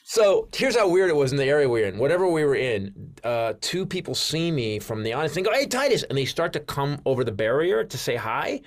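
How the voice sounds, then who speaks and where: A male comedian telling a rambling anecdote in an excitable way, with restarts, swearing and sudden high jumps when he acts out his own panic. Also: a little fast, hardly any pauses. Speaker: comedian guest. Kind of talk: storytelling anecdote.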